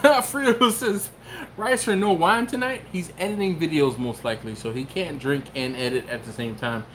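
A man's voice: fairly high pitch, moderate pace, a bit bright, slight background noise. A man hosting a casual live stream from his home kitchen, reading viewer comments aloud and riffing on them. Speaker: host.

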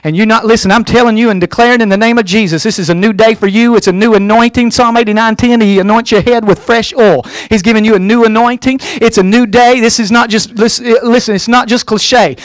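A male guest pastor preaching a revival sermon in a church, fervent, with folksy humor, swinging from quiet asides to loud shouted calls. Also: high-pitched, steady tone, a little fast, few pauses, dry recording.

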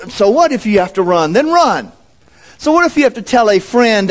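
A man preaching a sermon as a pastor, in an animated, folksy manner. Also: high voice, normal speed. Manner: animated, folksy, acts out quotes.

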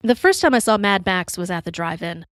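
A woman's voice: medium pitch, animated, fairly quick, fairly bright tone, dry recording, clean studio sound. A woman hosting her podcast, telling rambling stories with lots of fillers while a bit tipsy from drinking. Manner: chatty, rambling, many "you know" fillers, laughs at own story. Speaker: podcast host. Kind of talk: casual storytelling monologue.

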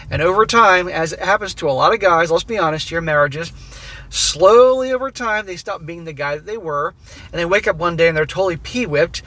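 Bright-voiced blunt male commentator. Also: sits high. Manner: blunt, profane, preachy advice to viewers. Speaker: host reading and reacting to a viewer's email. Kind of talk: casual video commentary.

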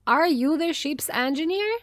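A woman's voice: a little high, very animated, slow pace, no echo, clean studio sound. A woman reading a storybook voices a frightened male engineer who speaks urgently and insistently.

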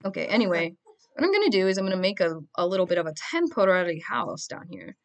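A woman's voice: medium pitch, big pitch swings, quick pace, vocal fry. A teenage girl giving casual, goofy gameplay commentary, chatting and rambling to her audience. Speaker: gamer.

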